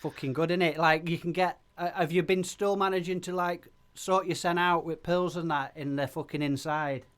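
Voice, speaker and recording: A man's voice: a little high, steady tone, moderate pace, few pauses, fairly bright tone, clean tone. A man, doing improvised comedy banter as a brash, swearing pirate radio DJ.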